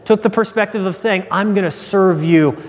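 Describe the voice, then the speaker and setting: A man in his thirties preaching a sermon, telling a personal story and acting out quoted voices, dropping low for emphasis. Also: moderate pace. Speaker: pastor. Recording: long hall reverb.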